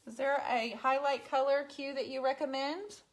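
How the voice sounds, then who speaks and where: A woman's voice: high voice, steady tone, normal speed. A woman painting furniture on a live stream from her home garage, chatting and teasing her viewers as she works. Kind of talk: casual live-stream chat.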